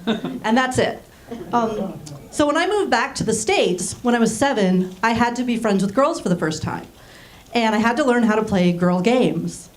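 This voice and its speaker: A woman in her thirties, raised in Germany, doing a deadpan stand-up set on a small theater stage with frequent ums. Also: fairly high pitch, moderate pace. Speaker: stand-up comedian. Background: audience laughing.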